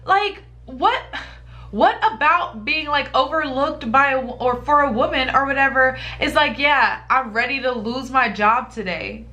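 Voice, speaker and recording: Bright, high-pitched woman reacting loudly. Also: measured pace, muffled recording. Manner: loud, incredulous outbursts and cursing. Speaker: reaction video host. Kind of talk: casual reaction commentary.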